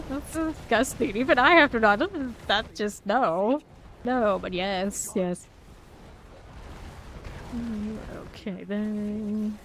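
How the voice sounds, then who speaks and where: A woman's voice: medium pitch, slow, pauses often, a bit bright, a little hiss or hum. A woman streaming a game and chatting casually, rambling and saying "like" a lot. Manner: chatty and rambling, heavy use of "like". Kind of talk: casual gameplay chat.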